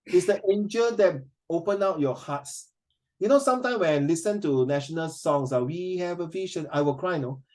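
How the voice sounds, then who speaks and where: A man's voice: on the high side, moderate pace. Emotional Singaporean man teaching. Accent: Singaporean English. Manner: animated, emotional, switches into Mandarin. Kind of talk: classroom lesson, emotional storytelling.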